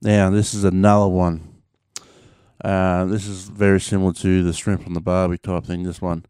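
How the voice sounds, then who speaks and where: An Australian man talks casually on his own show, rambling and restarting, with plenty of fillers and the occasional swear. His voice sits low and comes through smooth and clean. The sound is close and dry, with no room around it. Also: level tone, normal speed, a little mellow, no room sound. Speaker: podcast host. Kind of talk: casual solo chat.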